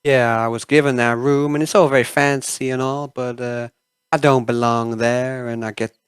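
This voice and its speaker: A man's voice: medium pitch, fairly even intonation, clear, resonant tone, no echo, close to an everyday voice. A man putting on a brittle, flustered woman. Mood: nervous. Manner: halting, flustered, many hesitations. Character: startled, brittle woman crew member.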